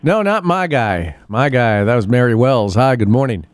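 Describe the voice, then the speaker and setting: A man hosts a casual local radio show from a radio studio, chatting at normal speed in an expressive, medium-pitched voice with no echo. His talk rambles, with many fillers and restarts.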